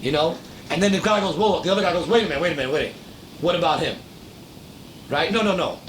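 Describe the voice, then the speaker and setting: Man, casual storytelling, profane, animated, slightly high voice, noisy low rumble behind. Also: quick pace. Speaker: podcast host telling a story.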